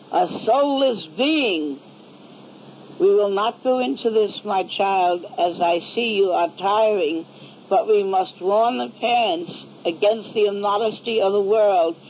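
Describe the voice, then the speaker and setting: A woman speaking as a solemn, motherly female heavenly voice during a religious vision, slow and tender as she admonishes. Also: medium pitch, muffled recording, a little hiss or hum. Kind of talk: spoken religious vision message.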